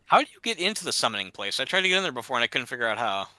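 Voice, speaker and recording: A man's voice: mid-range voice, big pitch swings, racing, pushed and bright, dry recording. A man chatting casually and rambling while playing a game, laughing at himself often. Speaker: gamer. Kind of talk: casual gaming chat.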